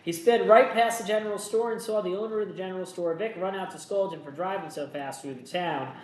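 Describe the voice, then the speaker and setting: A man's voice: sits high, a little fast, reverberant, poor audio. Casual man hosting a board game playthrough. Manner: casual, self-deprecating, thinks aloud. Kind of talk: solo board game playthrough with read-aloud story text.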